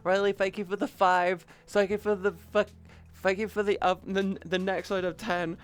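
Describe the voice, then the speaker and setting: A woman's voice: mid-range voice, flat delivery, moderate pace. A young woman chatting on a live stream, playful and crude, calling her chat sweetie and baby. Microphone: headset boom mic.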